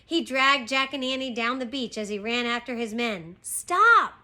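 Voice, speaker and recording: A woman teacher reading a chapter book aloud to her class, slow and expressive. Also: on the high side. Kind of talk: storybook read-aloud.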